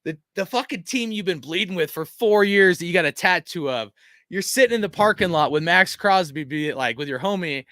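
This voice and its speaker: A man's voice: high-pitched, lively intonation, brisk, fairly bright tone, dry recording. Profane, fed-up man venting. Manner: profane, frustrated venting with lots of fillers. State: tired. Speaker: fan channel host. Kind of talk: live-stream fan rant reading chat.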